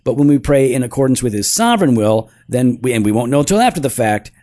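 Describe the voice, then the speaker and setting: A man's voice: medium pitch, big pitch swings, fast, mellow, dry recording. A man co-hosting a casual podcast, teaching theology step by step and checking in with "right?" as he goes, with a dry, teasing humor. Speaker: podcast co-host.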